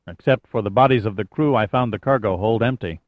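A man's voice: fairly low pitch, brisk, no echo, natural voice. A composed expedition leader who briefs and directs without fuss, voiced by a male audiobook reader close to his own voice. His delivery is level and plain. The recording is dry and a little muffled. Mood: matter-of-fact. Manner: level, matter-of-fact.

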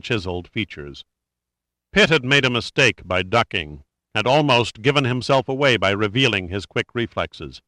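A man reading a thriller aloud as narrator in a steady, measured way. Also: mid-range voice, no echo. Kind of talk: scripted audiobook narration.

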